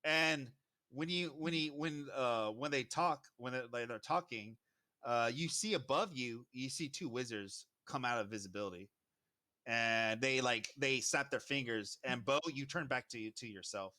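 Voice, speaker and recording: A man's voice: medium pitch, a little slow, pushed and bright, no room sound. A man narrating a tabletop game as game master, rambling, with lots of "like" and restarts.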